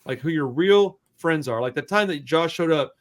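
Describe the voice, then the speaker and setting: A young man co-hosting a podcast, telling a story in a loose, profane, animated way and acting out the quotes. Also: on the high side, normal speed. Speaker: podcast co-host. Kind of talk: casual storytelling chat.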